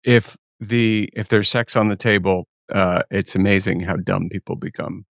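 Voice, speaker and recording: Male podcast co-host, gravelly and playful, dry studio sound. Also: sits low, normal speed, no echo. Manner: jokey, animated storyteller who laughs often. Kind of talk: casual podcast banter.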